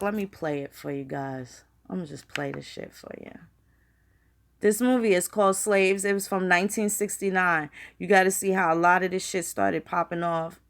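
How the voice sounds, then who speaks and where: A woman's voice: fairly low pitch, gravelly, a bit bright. Rambling, profane woman talking casually. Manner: rambling, profane, conversational, addresses viewers directly. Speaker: channel host. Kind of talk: casual livestream talk.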